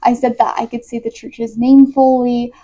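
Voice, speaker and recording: Chatty young woman with a gravelly fry. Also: a little high, flat delivery, moderate pace, mellow. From United States. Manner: chatty, many "like" fillers, laughs easily. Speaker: missionary. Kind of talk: casual storytelling vlog. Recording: dull lo-fi recording.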